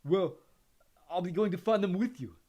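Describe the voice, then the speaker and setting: A man's voice: sits high, animated, quick pace, a little mellow, voice pushed up. A man doing a firm, thick-voiced teenage wizard. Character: stubborn, loyal teenage boy wizard with a bloodied nose. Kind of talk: audiobook reading.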